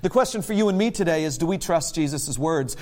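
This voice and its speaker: Male pastor, sermon, high-pitched, animated, dramatizes quotes with big pitch jumps. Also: fast talker. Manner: conversational and emphatic.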